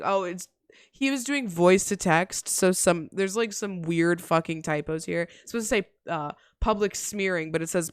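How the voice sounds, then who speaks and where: A woman's voice: lowish voice, normal speed, smooth, no room sound, clean studio sound. A woman hosting a reaction video, reading messages aloud in blunt, profane casual commentary. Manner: blunt and profane, gets heated.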